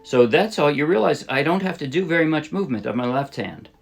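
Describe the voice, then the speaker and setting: A man teaching a ukulele song in a relaxed, casual way, thinking aloud and correcting himself as he plays. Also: fairly high pitch, a little fast, vocal fry, over loud music. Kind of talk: casual instructional talk. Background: ukulele playing.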